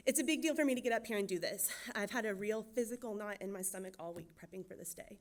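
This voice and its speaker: Nervous and quick-talking, this young woman from Georgia, USA, gives her personal testimony, laughing often; she directs the children's ministry at her church. Her voice falls in the mid range.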